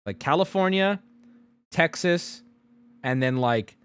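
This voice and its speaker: A man streaming live, reading out survey results in loud, profane, sarcastic casual commentary. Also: on the high side, expressive, slow pace, smooth.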